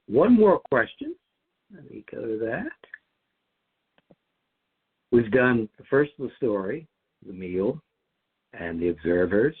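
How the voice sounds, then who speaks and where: A man with a low, husky voice leads a lectionary podcast discussion, reflecting and thinking aloud with frequent restarts. The line sounds tinny, like a phone.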